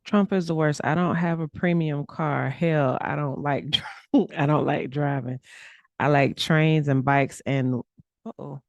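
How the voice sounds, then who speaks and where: A woman's voice: low-pitched, steady tone, unhurried, vocal fry, a little mellow, no echo, lo-fi sound. A woman co-hosting a casual political talk stream, chatty and teasing as she reads viewer comments aloud. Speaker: co-host reading viewer comments.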